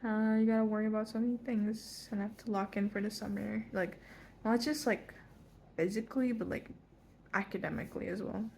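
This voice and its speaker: Teen girl, casual vlog, rambling storytelling, lots of filler words, phone front camera, middle pitch, faint background hiss. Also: fairly even intonation, fairly quick, gravelly, darkish tone. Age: teens. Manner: rambling, full of "like" and self-corrections. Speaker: vlogger.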